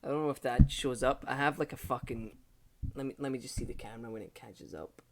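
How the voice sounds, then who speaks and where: A man hosting a casual podcast, swearing freely and laughing often, with quick asides to his guest. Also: medium pitch, crowd noise. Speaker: podcast host. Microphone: video call setup.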